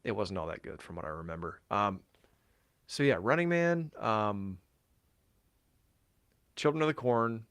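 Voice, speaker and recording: A man's voice: lowish voice, animated, a little slow, pauses often, a bit bright, clear, resonant tone. A man co-hosting a casual podcast, rambling and swearing freely with lots of fillers, his voice tired from talking all day. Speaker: podcast co-host.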